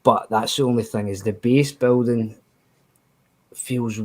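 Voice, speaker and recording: A man's voice: medium pitch, steady tone, a little slow, a little mellow, rough recording. A man talking as a panelist on a casual podcast, rambling with many fillers and restarts. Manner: rambling, with frequent "you know" fillers.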